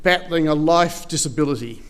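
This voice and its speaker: A man's voice: on the high side, normal speed, a bit bright, clear, resonant tone. A man preaching a sermon, retelling a Bible story conversationally with frequent restarts and repeated words.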